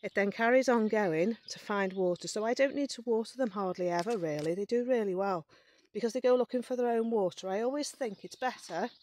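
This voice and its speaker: A woman's voice: mid-range voice, a little mellow. A woman giving a casual, chatty walk-around garden tour, explaining her methods step by step and a bit out of breath. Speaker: gardening vlogger. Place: outdoor garden and polytunnel.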